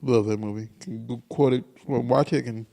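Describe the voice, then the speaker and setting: A man's voice: mid-range voice, fairly even intonation, moderate pace, gravelly, mellow. A man co-hosting a casual podcast chat, rambling with fillers and restarts. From Fort Wayne, Indiana. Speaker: podcast co-host.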